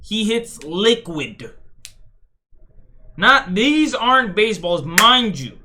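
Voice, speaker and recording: Rambling, cursing young man, bright voice. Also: sits high. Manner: rambling, profane, full of fillers and restarts. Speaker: streamer. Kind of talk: casual commentary on a comic.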